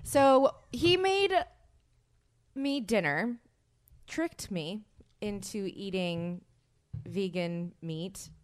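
A woman's voice: medium pitch, expressive, very slow, pauses often, slight background noise. A young woman hosting a podcast, chatting casually and giggling as she rambles through a story. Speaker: podcast host. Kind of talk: casual chat.

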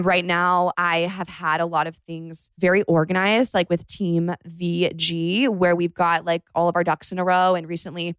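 On a podcast microphone, a woman records a solo confessional episode from her bedroom floor, speaking candidly, rambling, saying "like" constantly, and at times close to tears. Her voice sits on the low side with a clean tone, and the recording is dry.

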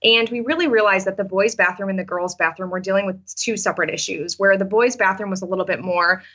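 A woman's voice: medium pitch, quick pace, a bit bright, slightly rough, muffled recording. A woman teacher talking casually in an interview, with many fillers and restarts. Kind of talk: interview answers, storytelling.

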